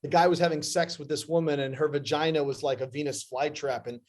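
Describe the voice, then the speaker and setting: A middle-aged actor telling profane, animated stories in a casual interview, acting out other people's lines as he goes. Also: a little high, quick pace. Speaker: actor guest.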